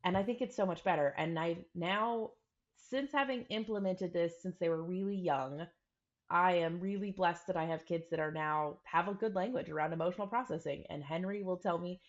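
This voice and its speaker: A woman's voice: fairly low pitch, normal speed. A woman co-hosting a podcast, talking things through earnestly in casual chat and often acting out quoted examples. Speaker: podcast co-host. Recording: dull lo-fi recording.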